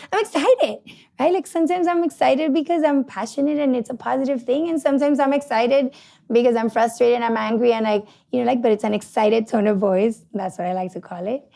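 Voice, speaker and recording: A middle-aged woman, a couples therapist hosting a podcast, talking passionately and loudly with many restarts. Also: fairly high pitch, brisk, vocal fry. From Puerto Rico. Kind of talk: casual podcast teaching.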